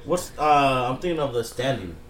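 A man's voice: medium pitch, expressive, moderate pace, a bit bright. A man co-hosting a podcast, teasing in casual chat with mock indignation. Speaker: podcast co-host.

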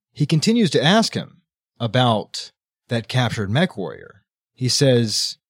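A man co-hosting a casual book podcast, recapping the plot in an animated way and acting out the characters' lines. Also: mid-range voice, no echo, clean studio sound. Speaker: podcast co-host.

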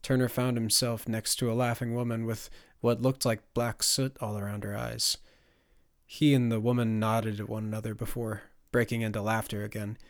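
A man narrating a fantasy audiobook in a measured storytelling manner, on a close microphone. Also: lowish voice, level tone, no echo.

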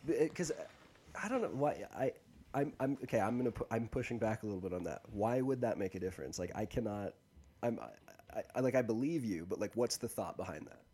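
A man co-hosting a podcast in casual chat, joking and talking quickly with lots of false starts. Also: lowish voice, expressive, mellow, breathy edge. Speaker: podcast co-host.

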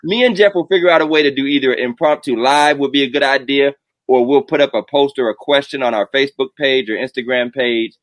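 A man's voice: mid-range voice, fast talker, no room sound. A man hosting a casual live stream, joking and drawing out his announcements. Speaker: host.

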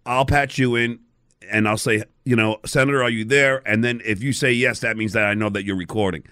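A man's voice: mid-range voice, fairly even intonation, brisk, a bit bright. A man guest on a radio show, telling a story with stammers, laughs and swearing, acting out the people in it. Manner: stammering, laughing, swearing, acts out other voices. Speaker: guest comedian. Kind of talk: telling an anecdote.

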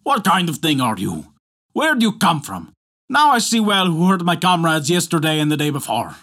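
A man voicing a gruff, stern young hunter who speaks roughly and bluntly in a folktale reading. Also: fairly high pitch, sing-song, normal speed, a bit bright, full character voice.

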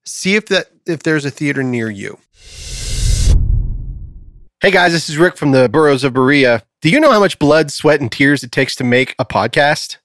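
An upbeat man hosts a podcast, telling jokes and acting out quotes in a lively storyteller way. His voice sits a bit high for a man and sounds close and dry, with little room around it. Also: no echo. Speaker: podcast host. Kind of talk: casual chat and joke telling.

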